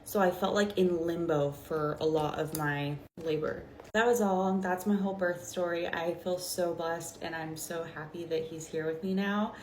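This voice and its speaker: A young woman vlogger telling a casual storytime while doing her makeup, chatty and full of fillers. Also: on the low side. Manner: chatty, filler-heavy, animated retelling. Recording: roomy with faint background noise.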